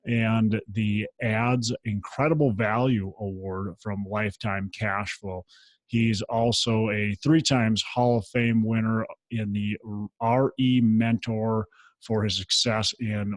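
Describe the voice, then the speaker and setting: A man hosting a podcast interview, briskly reading out his guest's bio. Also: on the low side, no echo, low-quality recording. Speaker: podcast host.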